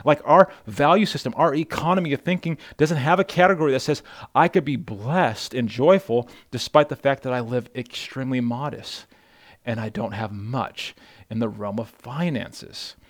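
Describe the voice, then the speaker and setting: Male pastor, earnest sermon, emphatic repetition, dry close sound, mid-pitched voice. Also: normal speed, no room sound. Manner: earnest, emphatic preaching with repeated phrases. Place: church.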